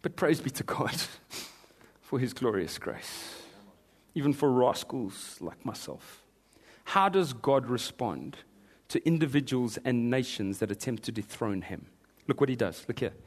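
A man preaching a sermon, animated, swinging from slow, deliberate scripture reading to sudden loud outbursts. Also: mid-range voice, husky. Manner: animated, with sudden shouts and laughs; reads scripture slowly and deliberately.

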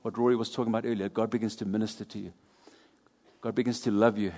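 Animated preacher man in an echoing hall. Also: on the low side, fast. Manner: animated preaching with big swings from loud to hushed. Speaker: pastor. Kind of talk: sermon. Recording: long hall reverb.

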